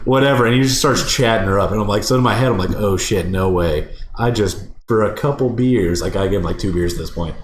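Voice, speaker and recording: A man's voice: low-pitched, a little fast, few pauses, roomy sound, a little hiss or hum. A man casually telling a rambling, profane story on a podcast, acting out the people in it.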